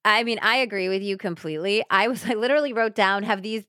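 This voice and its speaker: A woman's voice: mid-range voice, fast, pushed and bright, smooth, no echo, clean studio sound. A woman hosting a true crime podcast, telling the case in a casual, chatty way with lots of fillers. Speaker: podcast host. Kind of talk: true crime storytelling chat.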